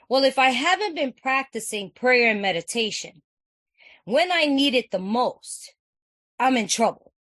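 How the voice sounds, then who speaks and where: A woman's voice: high voice, a bit bright, no room sound. Earnest woman sharing at a recovery meeting. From California. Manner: earnest, repetitive, conversational, with frequent "you know what I'm saying". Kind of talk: personal share at a recovery meeting.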